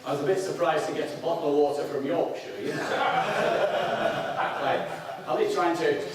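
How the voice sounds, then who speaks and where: A middle-aged man from the north of England with a Lancashire accent, preaching a sermon in an animated way with sudden whoops. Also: fairly high pitch, moderate pace, background noise. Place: church hall. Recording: echoey hall, mic at a distance.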